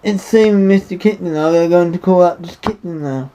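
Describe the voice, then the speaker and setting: A man's voice: high voice, brisk, dark tone, a little hiss or hum. A man giving a rambling, indignant opinion monologue to camera. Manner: rambling, repeats himself, indignant. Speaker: vlogger. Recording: dull lo-fi recording.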